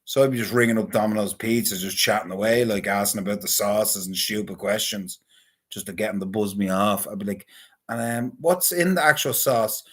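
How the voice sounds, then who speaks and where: A man's voice: lowish voice, little pitch movement, a little fast, breathy edge. A man in a casual, rambling monologue, talking crudely and swearing often. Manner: crude, profane, rambling banter. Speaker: vlogger.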